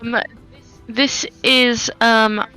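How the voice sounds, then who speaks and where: A woman player in a tabletop role-playing game, speaking in a halting way. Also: a little high, little pitch movement, pushed and bright, clear, resonant tone, soft background music, low-quality recording.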